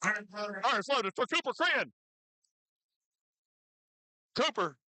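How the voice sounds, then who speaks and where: A meet commentator calling live weightlifting attempts, who cheers lifters on excitedly and drops jokey asides between lifts. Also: mid-range voice, slow pace, no room sound, low-quality recording.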